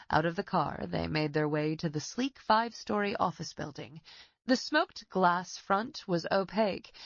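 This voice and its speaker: A woman narrating a suspense audiobook in a steady, even reading. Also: on the low side, creaky, no echo, lo-fi sound. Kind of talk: scripted narration.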